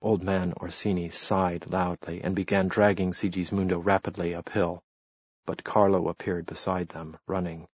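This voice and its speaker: A man narrating a novel in a measured, steady reading. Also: deep voice, breathy edge, dry recording, muffled recording. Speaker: audiobook narrator. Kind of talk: scripted narration.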